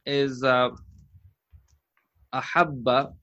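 A man's voice: medium pitch, fairly even intonation, very slow, sharp tone. A man teaching Arabic grammar in a live lesson, patient and encouraging, drilling terms aloud. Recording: muffled lo-fi audio.

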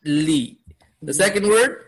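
A man with a fairly high voice teaches a class on Quranic Arabic. He keeps quizzing his students and laughs often as he goes. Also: slow pace, breathy edge. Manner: asks students questions, upbeat with laughs. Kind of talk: classroom lesson.

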